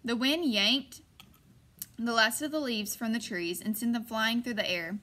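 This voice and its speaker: A woman narrating a first-person audiobook in a measured way, slowing on suspenseful moments. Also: fairly high pitch, sharp tone.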